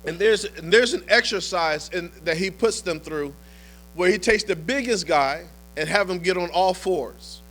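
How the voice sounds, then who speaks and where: A man preaching a sermon as pastor, telling a story and building to impassioned shouts. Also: high voice, measured pace.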